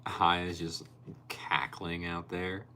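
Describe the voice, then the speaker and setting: A man's voice: low voice, flat delivery, takes it slowly, pushed and bright, a little hiss or hum. A young man hosting a casual livestream, reading viewer comments aloud and laughing often. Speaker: livestream host reading chat. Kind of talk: casual live-stream chat.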